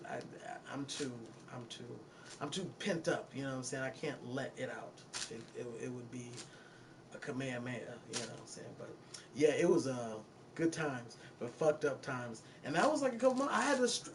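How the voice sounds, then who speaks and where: A man's voice: high-pitched, a bit bright, slight background noise. A man with a Detroit accent, a music producer talking casually and profanely to his livestream viewers from a recording studio, laughing between remarks. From Detroit, USA. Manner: loose, profane, frequent laughing asides.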